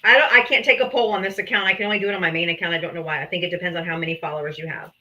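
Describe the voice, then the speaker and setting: A woman's voice: fairly low pitch, fairly even intonation, racing, bright, forceful tone, rough recording. A woman hosting a political livestream, combative and taunting, calling out viewers to come up and talk. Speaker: livestream host.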